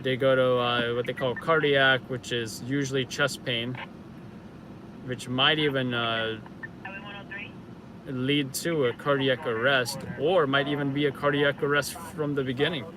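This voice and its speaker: A man hosts a casual live stream from his car, answering viewers in a rambling way full of fillers and self-corrections. His voice is mid-range, steady in tone and a little slow. Car and street noise can be heard.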